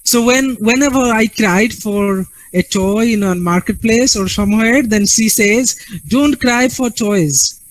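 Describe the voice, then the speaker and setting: A man's voice: high voice, measured pace, hardly any pauses, low-quality recording. A man giving a classroom lecture, often repeating words and checking in with the listeners.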